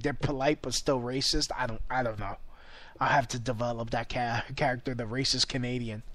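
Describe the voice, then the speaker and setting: A man's voice: medium pitch, fairly bright tone. Rambling, profane young man vlogger. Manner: rambling, profane, laughing often. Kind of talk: casual ranting commentary.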